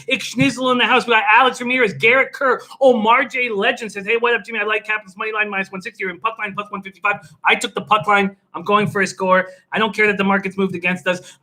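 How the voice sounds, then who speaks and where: High bright hyped male stream host. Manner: energetic, rattles off chat shout-outs. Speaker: sports betting show host. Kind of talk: hyped live-stream chat. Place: at home.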